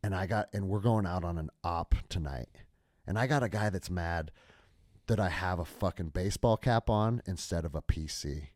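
A man hosting a podcast, a military veteran, chatting casually with a lively, profane way of talking. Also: low-pitched, normal speed, no echo, clean studio sound.

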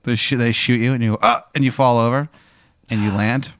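A man's voice: mid-range voice, fairly even intonation, fairly quick, clear, resonant tone, no echo, clean studio sound. A young man co-hosting a comedy show, spinning an improvised story with playful, dramatic narration and some hesitant fillers. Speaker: co-host.

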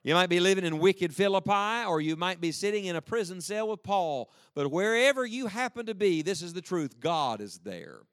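A man's voice: high voice, expressive, moderate pace, few pauses, fairly bright tone, smooth, dry recording, clean studio sound. A man preaching a sermon with emphasis and joking asides, leading the congregation to read aloud with him. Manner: leads the congregation in reading aloud. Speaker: pastor.

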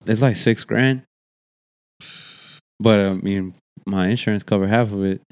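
A man's voice: lowish voice, steady tone, unhurried, darkish tone, clean tone. Laid-back man, casual storyteller, swears a lot, laughs easily. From Texas. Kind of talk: casual chat.

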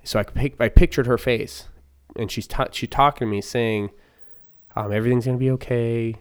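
A man's voice: medium pitch, fairly even intonation, brisk, clear, resonant tone. A man co-hosting a podcast, telling a long story in a rambling, casual way, full of fillers and restarts. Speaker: podcast co-host.

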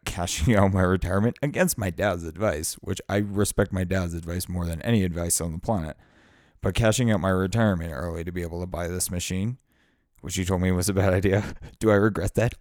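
A man with a low voice delivers a blunt, profane, fired-up pep talk to the camera. The sound is dry and close, with no room echo. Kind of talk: casual motivational monologue.

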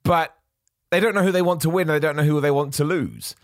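A podcast host with a slightly high voice talks very fast about wrestling, giving casual opinions with lots of animation. He often corrects himself mid-sentence and does mocking impressions of other voices. The studio-quality recording has no echo.

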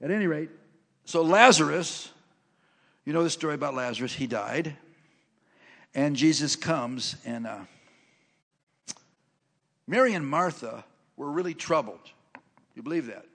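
A man preaching in a church hall, his voice gravelly and pitched a little high. He retells a scripture story in loose, folksy speech, then reads passages out with growing force. The sound rings with a long hall reverb. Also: animated, measured pace, long pauses, fairly bright tone. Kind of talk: sermon.

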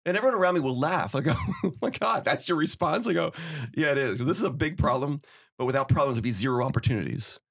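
A middle-aged man telling stories in casual conversation, animated, acting out quotes as he goes. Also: mid-range voice. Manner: fast, animated storytelling with acted-out quotes. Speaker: podcast guest, winery owner.

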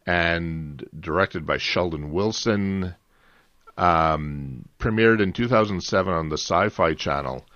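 A man's voice: low voice, slow, fairly bright tone, no echo. A man co-hosting a casual film podcast, rambling and restarting his sentences. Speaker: podcast co-host. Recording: dull, lo-fi dry sound.

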